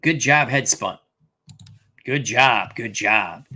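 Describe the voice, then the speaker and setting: A man's voice: medium pitch, very animated, takes it slowly, pushed and bright. A man hosting a casual live stream, thinking aloud and reading out viewer comments. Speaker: host.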